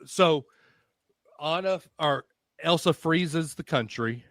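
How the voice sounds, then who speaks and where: A man co-hosting a podcast, telling a long story in casual chat with an animated, rambling manner. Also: a little high, slow, no room sound. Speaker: podcast co-host.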